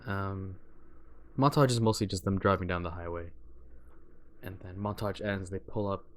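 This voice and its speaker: A man co-hosting a podcast in a relaxed, laid-back way. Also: low voice, moderate pace, a little hiss or hum. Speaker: podcast co-host. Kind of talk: casual chat.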